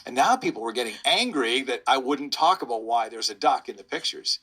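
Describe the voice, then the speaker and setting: This is a middle-aged man, a police spokesman, recounting a story in a relaxed interview. His voice is husky with a forceful, bright edge. He rambles and chuckles at his own tale as he goes. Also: mid-range voice, a little fast. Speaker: police officer, public information officer.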